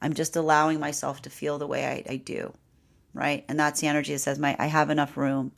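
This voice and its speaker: A woman's voice: sits low, little pitch movement, a little fast, gravelly. A woman giving a live tarot reading, rambling and repeating herself, with frequent "right?" and "like". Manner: laughs often, quoting the energy's voice. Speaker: tarot reader.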